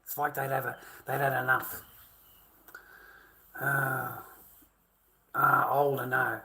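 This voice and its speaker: A man's voice: medium pitch, little pitch movement, takes it slowly, sharp tone. Swearing Australian man ranting on stream. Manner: profane, swearing constantly, addresses viewers as mate and boys. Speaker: livestreamer. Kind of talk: livestream rant to chat.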